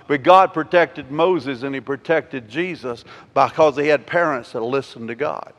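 A male pastor preaching a sermon. He swings between loud, emphatic declarations and quiet, intimate asides, and asks the congregation rhetorical questions. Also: mid-range voice, measured pace, hardly any pauses. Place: church sanctuary. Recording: long hall reverb.

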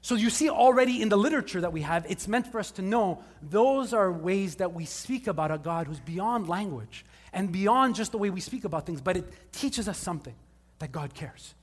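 A male pastor delivers a relaxed, conversational sermon to a live congregation during a church service, slipping in joking asides. His voice is high-pitched and a bit bright, echoing with big-room sound.

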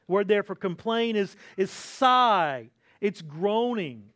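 A man's voice: high-pitched, lively intonation, takes it slowly, fairly bright tone. A pastor preaching a sermon in a conversational way, often checking in with his listeners by asking "right?". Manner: acts out complaining voices with sighs.

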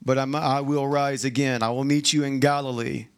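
A male pastor preaching a sermon in a conversational, animated way, acting out the quotes he tells. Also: mid-range voice, moderate pace, clear, resonant tone.

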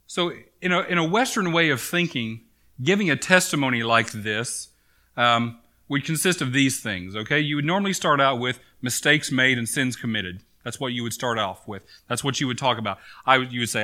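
Bright-voiced pastor preaching casually. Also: male voice, medium pitch, fairly quick. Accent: Maine. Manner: conversational preaching with frequent fillers and "okay?" check-ins. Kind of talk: sermon.

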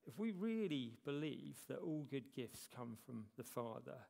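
A man gives a sermon in a church hall, his voice gravelly with a touch of fry. He keeps it conversational and pokes fun at himself, and the hall rings with a long reverb. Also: medium pitch, sing-song, unhurried, mellow. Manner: conversational, self-deprecating humor. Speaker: church elder preaching.

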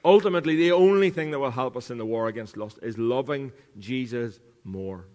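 A man's voice: medium pitch, normal speed, a little mellow, long reverb tail. A man preaching a sermon as pastor, earnest, repeating key lines for emphasis. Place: church.

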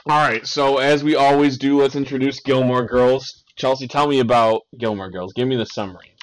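A man's voice: mid-range voice, steady tone, normal speed. A young man hosting a podcast in a casual, jokey chat, rambling and laughing often as he talks. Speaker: podcast host.

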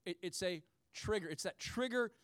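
A pastor preaching in a chatty, animated way, with frequent asides to the people listening. His voice sits high for a man. He repeats key lines for weight, and the sound is dry, with no room echo. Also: normal speed, smooth. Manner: repeats key phrases for emphasis. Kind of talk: sermon.

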